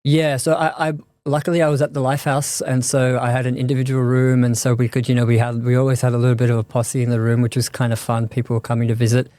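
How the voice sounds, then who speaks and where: Male guest, mid pitch, monotone delivery, halting and reflective, dry close sound. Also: dry recording. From Australia. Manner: thoughtful, halting, many restarts and fillers. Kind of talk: reflective conversational interview.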